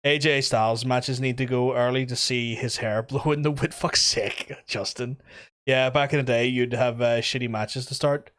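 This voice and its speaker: A man's voice: medium pitch, steady tone, moderate pace, fairly bright tone. A talkative man with a slightly nasal northern Irish accent chats with his viewers while he plays a game on a livestream. He rambles from one thought to the next, swears freely and thanks people by name. A faint noise sits under his voice. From Ireland. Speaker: streamer. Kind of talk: casual livestream chat while gaming.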